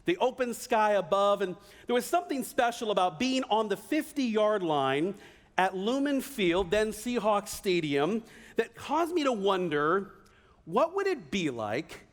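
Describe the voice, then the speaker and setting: High-voiced man preaching in a hall. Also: unhurried. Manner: animated, acts out voices of cheering figures. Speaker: pastor. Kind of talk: sermon. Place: church. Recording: reverberant church hall.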